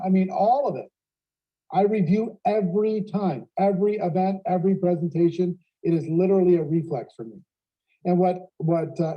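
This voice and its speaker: A man hosting a panel and giving energetic coaching tips on presenting. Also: high-pitched, dull audio. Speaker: host.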